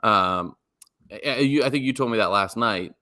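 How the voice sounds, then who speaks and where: A man's voice: lowish voice, normal speed, bright, forceful tone. A man co-hosting a sports podcast, talking in a rambling, emphatic way with many fillers and restarts. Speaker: podcast co-host. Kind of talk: casual sports podcast chat.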